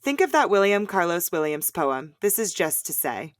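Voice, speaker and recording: A woman hosting a poetry lesson, explaining clearly and chanting the rhythm of verse in an upbeat way. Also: lowish voice, very animated, moderate pace, hardly any pauses, dry recording, studio quality. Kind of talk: scripted educational explanation.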